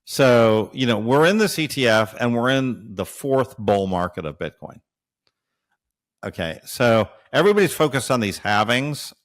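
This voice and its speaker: A man's voice: mid-range voice, lively intonation, normal speed. A man being interviewed as an analyst, explaining at length while thinking aloud, with many fillers and checks like "right?". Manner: frequent hesitations and fillers. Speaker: guest analyst.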